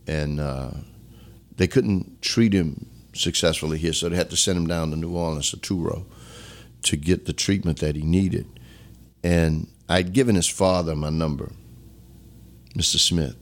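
A middle-aged man with a very low voice. He is a former police chief telling his story earnestly in an interview, dropping to a low hush at heavy moments. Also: measured pace. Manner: earnest, reflective, drops to a low hush when emotional.

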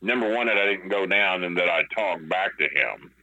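A man's voice: sits low, moderate pace, pushed and bright, dull audio. A profane man telling a rambling story. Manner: profane, rambling, with many fillers. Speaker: podcast guest. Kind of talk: casual storytelling.

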